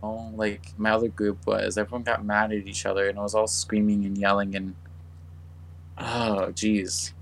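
A man talking casually on a podcast, rambling and trailing off as he thinks out loud. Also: lowish voice, little pitch movement, moderate pace, creaky, slight background noise, low-quality recording. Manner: rambling, trails off and restarts, soft-spoken. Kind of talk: casual chat.

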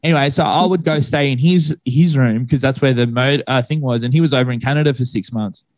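A man's voice: medium pitch, brisk, no echo. A young man telling a long story in casual chat, rambling and laid-back with many fillers.

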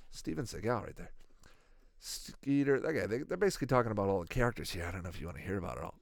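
A reaction video host in his thirties, with a low, creaky voice and lively intonation, talks fast while watching a cartoon. His commentary rambles with profanity and jokey asides, recorded dry at studio quality.

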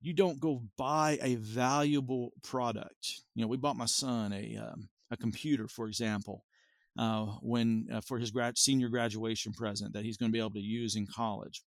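A man's voice: mid-range voice, fairly even intonation, normal speed, no room sound. Man explaining scripture in a dry room. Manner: thoughtful, explanatory, stops to restate and correct himself. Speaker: podcast host teaching on scripture. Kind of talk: informal Bible teaching.

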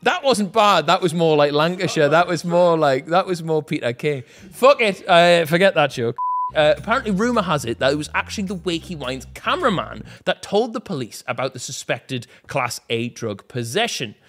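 A man's voice: fairly high pitch, lively intonation, moderate pace, fairly bright tone, soft background music. A man with a British accent hosting a comedy news roundup, delivering scripted items with sarcastic asides and swearing. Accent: British English.

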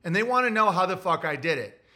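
Bright high-pitched guy on a stream, blunt and crude, just lecturing people. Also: big pitch swings, fast. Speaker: livestream host. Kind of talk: ranting livestream monologue.

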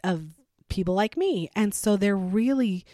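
A woman telling a candid personal story as a parent vlogger, chatty and animated, acting out both sides of conversations. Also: mid-range voice, measured pace, no room sound, studio quality.

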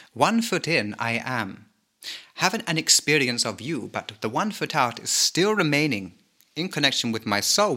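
Theatrical British man with a bright voice. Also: mid-range voice. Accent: mixed Cockney and Glaswegian Scottish. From Britain. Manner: theatrical, drawn-out phrasing with teasing asides. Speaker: podcast host. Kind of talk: spiritual monologue.

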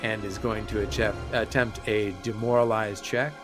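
Relaxed male game master. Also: fairly low pitch, moderate pace, loud music behind the voice. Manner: relaxed, matter-of-fact rulings. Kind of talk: running a tabletop game.

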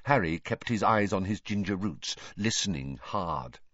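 A man reading a story aloud in an expressive storytelling manner. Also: low voice, unhurried, breathy edge, dry recording, highs cut off. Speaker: audiobook reader. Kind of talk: scripted narration.

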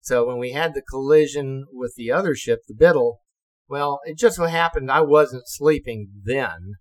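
A man's voice: medium pitch, normal speed, low-quality recording. Older man, retired navy officer, casual storyteller who swears and laughs. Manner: lively, acts out quotes, swears and laughs.

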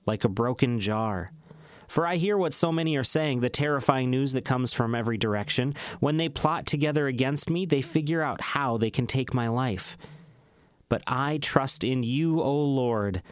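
Guy doing a slow solemn bible reading, dry close sound, mid voice. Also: mid-range voice, no room sound. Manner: measured, solemn delivery with slow emphatic phrases. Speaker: scripture reader.

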